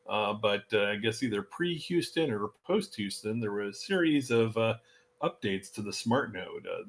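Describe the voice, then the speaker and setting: A man hosting a casual community call over a remote link, speaking in a relaxed, halting way with frequent fillers. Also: on the low side. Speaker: host.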